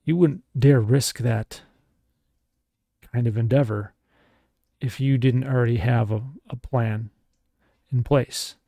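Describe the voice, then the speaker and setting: A man's voice: medium pitch, fairly even intonation, slow, gravelly, pauses often, mellow, no echo. A man voicing a male starship commander who presses with questions and reasons things out. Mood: pressing.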